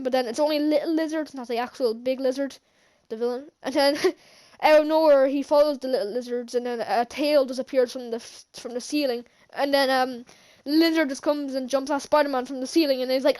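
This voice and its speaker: High-voiced woman rambling through a movie recap. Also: fairly even intonation, a little fast, hardly any pauses, darkish tone. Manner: rambling, hesitant, many fillers and restarts; chuckles often while recounting scenes. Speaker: channel host, film reviewer. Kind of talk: casual movie recap vlog.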